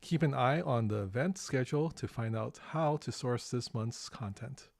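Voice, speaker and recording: A man's voice: medium pitch, moderate pace, creaky, a little mellow, dry recording, clean studio sound. Man reading an announcement hesitantly.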